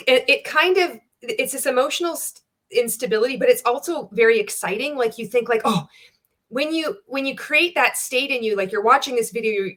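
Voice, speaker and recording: Bright-voiced woman reacting, blunt and profane. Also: a little high. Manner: candid, profane, wry, laughs often. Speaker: reaction video host. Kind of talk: casual commentary reacting to a clip.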